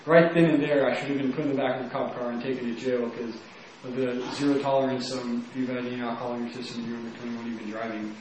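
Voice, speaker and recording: A young man from Texas tells his own story in a loose, rambling way, leaning on "like" again and again. His voice sits at an ordinary pitch for a man. He is heard from some distance in a very echoey room, with faint noise behind him. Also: flat delivery, quick pace. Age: young adult. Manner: casual, rambling, heavy use of "like". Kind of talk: personal testimony.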